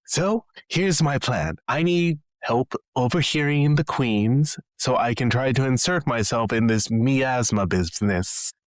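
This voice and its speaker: A man's voice: mid-range voice, unhurried, hardly any pauses, no room sound, natural voice. A man voicing a vain, proud male social climber in a tabletop game, haughty and defensive. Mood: scheming. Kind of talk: tabletop role-play in character.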